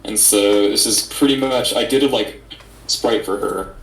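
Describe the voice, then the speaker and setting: Relaxed male gamer in an echoey room. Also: fairly low pitch, measured pace, gravelly, slight background noise. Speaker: player. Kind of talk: tabletop game play, casual chat.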